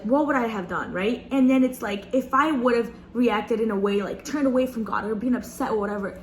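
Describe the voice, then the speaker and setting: Young woman, slightly high voice, casual devotional talk, lively and chatty with viewers. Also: a little hiss or hum, rough recording. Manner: chatty, animated, addresses viewers as "guys". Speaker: speaker sharing a Bible reflection.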